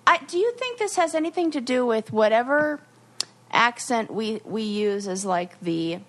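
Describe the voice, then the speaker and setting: A woman co-hosting a podcast, retelling what she watched in a lively, chatty way with restarts and playful asides. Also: fairly high pitch, moderate pace. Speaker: podcast co-host. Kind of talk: casual chat.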